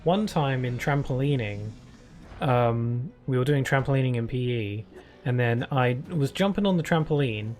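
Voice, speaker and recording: A man's voice: mid-range voice, lively intonation, normal speed, darkish tone. A man streaming live, chatting casually through rambling stories full of fillers. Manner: rambling anecdotes with many fillers.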